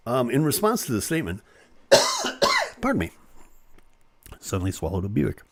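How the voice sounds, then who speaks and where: A man's voice: medium pitch, huge pitch swings, normal speed, pauses often, a bit bright, husky, no echo, clean studio sound. A man hosting a live online show, casually reading celebrity news aloud with playful jokes and asides.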